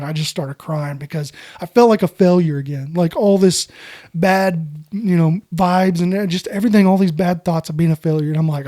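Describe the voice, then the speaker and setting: A middle-aged American man, a podcast guest, tells a story in a casual, animated way and keeps saying "dude". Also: a little high.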